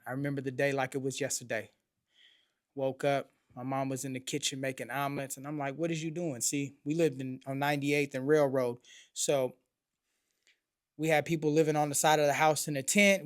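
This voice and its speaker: A man's voice: dry recording, studio quality. Blunt, profane storytelling man. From Oakland, California. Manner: blunt and profane, heavy street slang; raises pitch and volume when acting out past moments. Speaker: podcast host. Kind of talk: personal storytelling.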